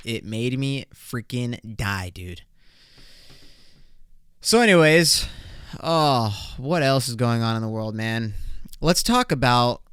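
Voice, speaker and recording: A young man hosting a casual solo podcast, loose, excitable and full of swearing. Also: medium pitch, clean tone, no echo, clean studio sound. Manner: loose, profane, excitable, laughs a lot. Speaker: podcast host.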